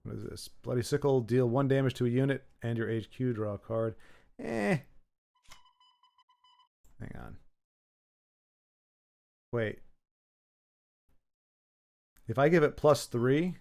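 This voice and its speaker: A man's voice: medium pitch, takes it slowly, vocal fry, pauses often, darkish tone, slight background noise. A man giving casual, joking commentary while playing a card game, muttering to himself between asides to his viewers. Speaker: gaming channel host.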